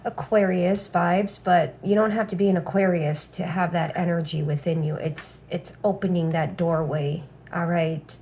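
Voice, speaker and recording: A woman's voice: fairly low pitch, fairly even intonation, normal speed, few pauses, darkish tone, slight background noise. A woman giving a casual tarot reading, blunt and profane, with a habit of saying "all right" again and again. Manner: blunt, swears freely, repeats "all right". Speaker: tarot reader.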